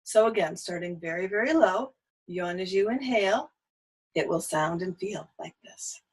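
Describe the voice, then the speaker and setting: A woman's voice: on the low side, lively intonation, moderate pace, husky, rough recording. A woman teaching a singing lesson, giving patient step-by-step cues on breathing and an open throat.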